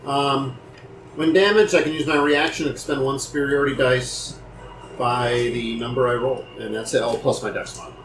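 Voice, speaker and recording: A man works through his character's rules aloud in a tabletop game, unsure of himself. His pitch is middling. The room is echoey and noisy. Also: steady tone, normal speed. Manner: thinking aloud, tentative. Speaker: player. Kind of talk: casual tabletop game play. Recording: echoey room with noticeable noise.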